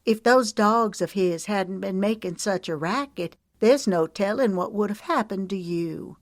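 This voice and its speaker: A woman's voice: medium pitch, unhurried, no room sound, voice pushed up, lightly acted. A woman voicing a worried, motherly farm wife who fusses and scolds anxiously.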